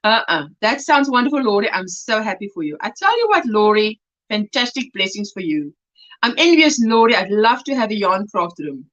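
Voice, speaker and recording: A woman's voice: mid-range voice, big pitch swings, normal speed, lo-fi sound. A middle-aged woman with a South African accent hosting a casual crochet livestream, reading out viewer comments and greeting them as sweetheart. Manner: warm-hearted, chatty, greets viewers as sweetheart.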